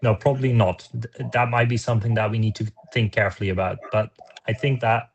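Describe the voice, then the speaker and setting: A man's voice: fairly low pitch, steady tone, fairly quick, vocal fry, breathy edge, highs cut off. A man making an earnest argument at an open microphone in a meeting. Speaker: meeting participant.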